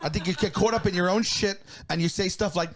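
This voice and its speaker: A man's voice: high voice, fast, fairly bright tone. A man co-hosting a podcast, ribbing his partner with exasperated, laughing outbursts in casual comedic banter. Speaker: podcast co-host.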